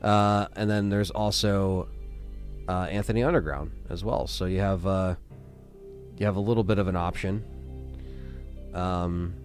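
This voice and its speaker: A man's voice: low-pitched, steady tone, a little slow, long pauses, faint music behind. A tired man casually chatting to viewers during a live stream, rambling with many fillers and restarts. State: tired, yawning.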